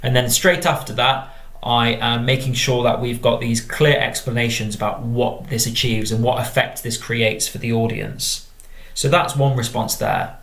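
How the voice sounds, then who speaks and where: A man's voice: medium pitch, fairly even intonation, a bit bright. English male drama teacher, echoey room. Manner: measured, explanatory reading tone. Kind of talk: reading and explaining model exam answers.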